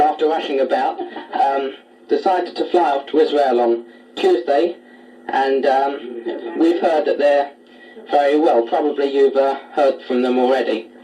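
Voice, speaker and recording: A man introducing relatives one by one on a casual taped letter, chatty with many pauses. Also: medium pitch. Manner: chatty, filler-heavy, gently formal. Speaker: family member presenting a taped letter. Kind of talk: casual spoken letter on tape. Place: a family home. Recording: distant home tape recording.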